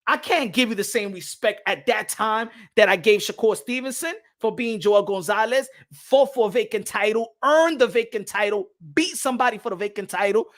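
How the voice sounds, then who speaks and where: A young man hosting a boxing channel livestream in casual chat, animated, repeating himself and laughing often, slipping into Spanish. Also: high voice, moderate pace, few pauses.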